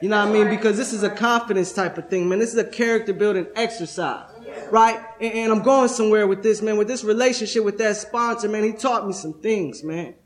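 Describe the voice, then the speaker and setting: Speaking a little fast, a high-voiced man leads a workshop at a recovery convention in a convention room. His testimony-style talk is streetwise and profane, peppered with "right?"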